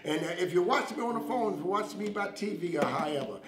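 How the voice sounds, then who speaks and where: A man's voice: high-pitched, animated, fast talker, slight background noise. A man preaching a sermon with fervent emphasis and repeated call-outs to his listeners. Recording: echoey room with music behind. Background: guitar music.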